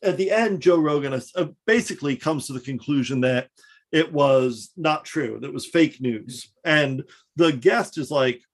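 A man co-hosting a casual podcast, chatting about the news with frequent restarts. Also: a little high. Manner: conversational, halting restarts. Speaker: podcast co-host. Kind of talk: casual political chat.

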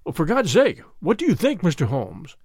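A man's voice: a little high, huge pitch swings, moderate pace, a little mellow, slightly rough, no echo, studio quality, exaggerated voice. A man voicing a big, anguished husband pleading for help in urgent outbursts. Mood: desperate. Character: big desperate husband, former athlete.

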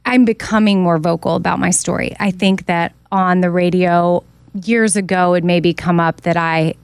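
A woman's voice: fairly low pitch, steady tone, normal speed, clear, resonant tone, no room sound. A woman co-host in casual podcast chat, talking in a candid and reflective way.

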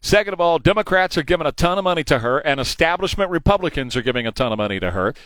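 A talk radio host from Texas, speaking with a Texan accent and strong emphasis. His voice sits fairly high for a man and swings widely as he drives each point home. The studio sound is close and dry. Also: expressive, very fast, fairly bright tone, dry recording. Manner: emphatic, repeats points for punch. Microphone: studio microphone.

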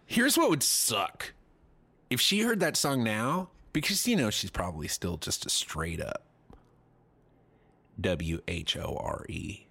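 A man's voice: mid-range voice, huge pitch swings, measured pace, bright, forceful tone, husky. A man in his forties, co-hosting a casual comedy chat, rambling and self-deprecating with crude jokes. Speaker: podcast co-host.

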